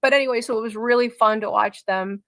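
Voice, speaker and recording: A woman with a gravelly, creaky edge to her voice, heard as a guest on a live-stream interview. She talks haltingly, restarting and trailing off often. The sound is dry and close. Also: on the high side, fairly bright tone, no echo. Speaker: guest, mother in a crash case.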